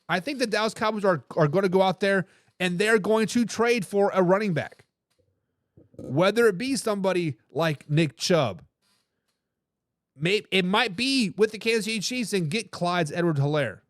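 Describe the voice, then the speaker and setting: A man's voice: high voice, dry recording, clean studio sound. A man hosting a live sports talk stream, arguing his picks with lots of energy and reading out viewer comments. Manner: animated, hype phrases, frequent restarts. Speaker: sports talk show host.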